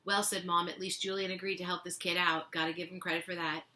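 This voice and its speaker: Woman, teacher reading aloud, storybook, expressive dialogue, bright tone. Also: on the low side, fast talker. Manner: reads the dialogue with lively expression.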